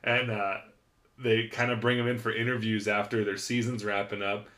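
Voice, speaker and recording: A man's voice: fairly low pitch, flat delivery, normal speed, pushed and bright. A man hosting a casual podcast, laid-back and swearing freely as he tells stories. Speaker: podcast host. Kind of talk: casual chat.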